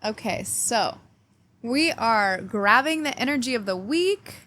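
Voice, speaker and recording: A little high and animated, her unhurried voice has a fairly bright tone. As host of a casual weekly astrology forecast, she reads oracle cards and chats directly with viewers in a playful, cheeky manner.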